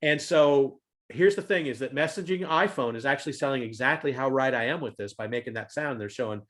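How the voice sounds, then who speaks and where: A man giving a talk on humor and leadership over a video call, animated and fond of loud acted-out demonstrations. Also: medium pitch, fairly quick.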